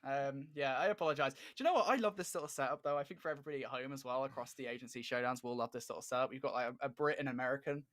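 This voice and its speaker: A man calls a competitive shooter match in relaxed, joking play-by-play, trading banter with his partner. His voice sits at an ordinary middle pitch, and he laughs easily between calls. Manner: upbeat, jokey, quick to laugh. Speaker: esports commentator. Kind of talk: casual play-by-play game commentary.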